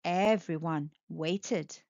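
A woman telling a children's story aloud, with a sing-song, expressive delivery, in a slightly muffled, dry recording. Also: low-pitched, drawn-out words, dry recording. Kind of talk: children's read-aloud narration.

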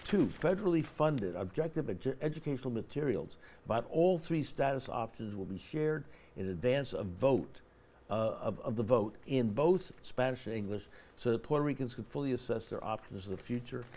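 A man hosting a public-access talk show, speaking haltingly with frequent restarts as he reads from an email and poses a question to his guests. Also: medium pitch, animated, warm tone, a little hiss or hum. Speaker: host.

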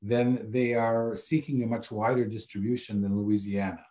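A man interviewing an author, asking his questions haltingly and often repeating words as he begins. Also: lowish voice, little pitch movement, warm tone. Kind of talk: interview questions over a video call. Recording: echoey room.

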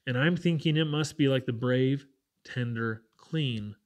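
A man's voice: mid-range voice, unhurried, natural voice. A man reading an audiobook, voicing an earnest, devoted young Irish orphan in a tender, heartfelt way with a light Irish accent. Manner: tender, heartfelt, plainly spoken.

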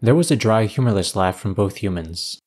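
Man, narrator, low voice, measured scripted storytelling. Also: expressive, darkish tone.

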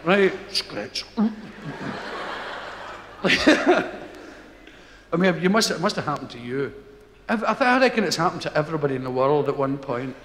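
A Scottish man telling a rambling stand-up story, acting out people with loud, high voices. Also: very animated, normal speed, pauses often, slight background noise. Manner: rambling storyteller who acts out characters with shouted, high-pitched voices. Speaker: stand-up comedian. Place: large concert hall before a laughing audience. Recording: echoey live hall with audience laughter.

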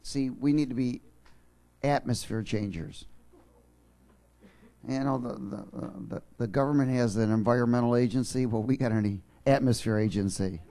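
A man preaching a sermon in church, joking with the congregation and then building to fervent, shouted passion. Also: mid-range voice, moderate pace. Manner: jokey, rising to fervent shouting. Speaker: pastor.

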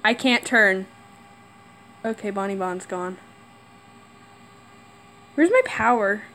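A woman's voice: medium pitch, takes it slowly, a bit bright, a little hiss or hum, rough recording. A woman playing a horror game and talking to herself, jumpy and nervous, squealing and giggling. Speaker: gamer. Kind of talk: horror game let's play commentary. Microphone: camera mic.

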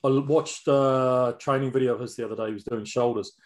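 A man's voice: mid-range voice, fairly even intonation, brisk. A middle-aged man with a New Zealand accent co-hosting a podcast, telling blunt stories with stammered restarts. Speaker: podcast co-host, former personal trainer. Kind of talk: casual chat.

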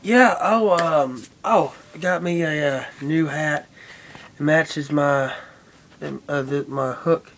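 A man's voice: fairly high pitch, fairly even intonation, takes it slowly, vocal fry, fairly bright tone. Rambling profane young man. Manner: rambling, profane, drawling with many fillers. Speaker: vlogger. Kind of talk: casual vlog chat.

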